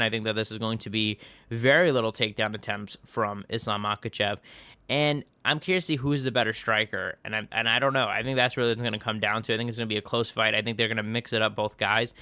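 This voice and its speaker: A man's voice: medium pitch, sharp tone, clear, resonant tone, no echo. A man talking casually on a livestream, rambling with many restarts and fillers while giving his opinions on fighters. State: tired, yawning. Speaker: MMA commentator.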